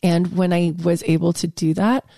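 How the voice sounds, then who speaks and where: A woman's voice: on the low side, level tone, moderate pace, warm tone. A woman talking casually and emotionally as a podcast guest, gushing and rambling with many restarts and fillers.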